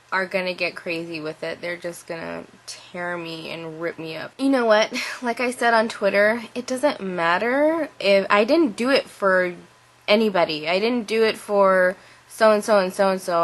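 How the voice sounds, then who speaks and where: A young adult woman telling a story to camera in a casual vlog, animated and full of "like" fillers. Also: medium pitch, a little slow, rough recording. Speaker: vlogger.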